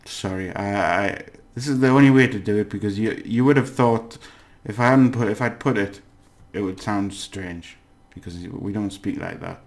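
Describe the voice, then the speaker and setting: A man's voice: lowish voice, moderate pace, hardly any pauses. A man teaching a casual language lesson, chatty and self-correcting, laughing at his own slips.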